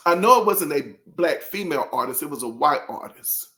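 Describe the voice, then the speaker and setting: A man's voice: a little high, animated, a little fast, pushed and bright. A man hosting a casual album review, rambling and interrupting himself, often breaking into laughter and apologizing as he talks straight to his viewers. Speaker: music reviewer host.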